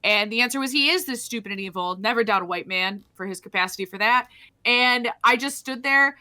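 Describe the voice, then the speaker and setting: Bright-voiced young woman co-hosting. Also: on the high side, brisk. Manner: animated, swears a lot, many restarts. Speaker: podcast co-host. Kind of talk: casual chat.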